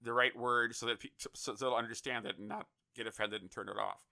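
Male host, very bright and forceful tone, casual rambling interview style. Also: medium pitch, steady tone, quick pace, creaky. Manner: rambling, repeats words while thinking.

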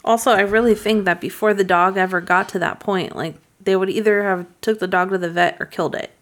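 A woman's voice: medium pitch, fairly even intonation, brisk, fairly bright tone. A woman co-hosting a casual podcast, chiming in with short, dry remarks. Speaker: podcast co-host.

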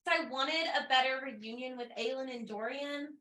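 A woman's voice: sits high, normal speed, pushed and bright, roomy sound. A woman co-hosting a book podcast, reading passages aloud and chatting emotionally with laughter. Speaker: podcast co-host. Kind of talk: casual book discussion podcast.

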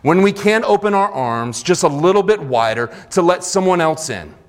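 A man's voice: high voice, lively intonation, moderate pace. A man preaching a sermon in a church sanctuary, retelling scripture earnestly with conversational asides. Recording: long reverb of a large hall.

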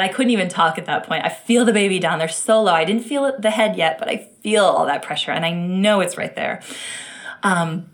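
A woman from the United States telling her birth story in an interview, animated, acting out quotes and laughing often. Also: medium pitch. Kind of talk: emotional personal storytelling.

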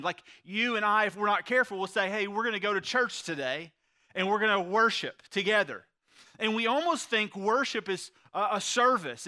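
A male pastor giving a sermon in a church, his voice pitched high for a man and ringing bright. He talks to the congregation in a conversational way and reads scripture aloud between his points.

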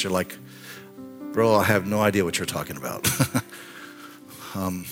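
A man in his sixties preaches a sermon in a church, telling a personal story with earnest emotion. He swings from impassioned, climbing lines to hushed, intimate appeals, with faint music underneath. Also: on the low side. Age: 60s. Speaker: pastor. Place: church sanctuary.

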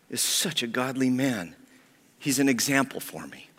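A man preaching a sermon as pastor, heartfelt and personal, often sinking to a hushed whisper. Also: medium pitch, moderate pace, slightly rough. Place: church sanctuary. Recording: long reverb of a church hall.

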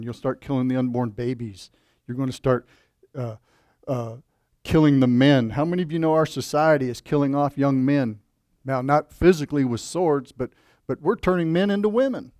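Conversational preacher, man, slightly high voice. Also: moderate pace, darkish tone, no echo, studio quality. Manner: conversational preaching with asides and rhetorical questions. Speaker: pastor. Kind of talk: sermon.

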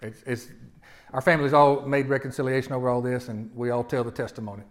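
A man in his forties preaching a sermon, moving from quiet personal storytelling to loud, impassioned exhortation. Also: medium pitch, little pitch movement, fast talker. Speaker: pastor.

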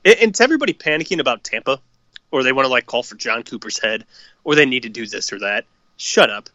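A man of medium pitch co-hosts a laid-back hockey podcast, talking fast and animatedly in a pushed, bright voice while swearing and ranting with fierce opinions. The recording is dry and the audio dull.

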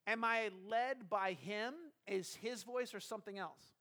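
Man, pastor, high voice, conversational sermon, rhetorical questions. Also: a little slow, pushed and bright.

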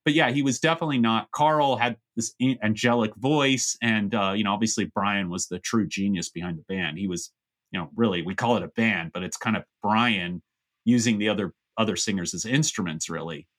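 This Southern California podcast co-host has a lowish, fairly bright voice and talks a little fast. Chatting casually about music, he rambles with lots of fillers and restarts.

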